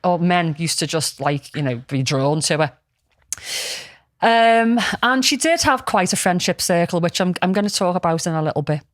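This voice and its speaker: A woman's voice: on the low side, animated, normal speed, no echo, clean studio sound. A woman, casually telling a story on a podcast, rambling with lots of ums and restarts. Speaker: podcast co-host.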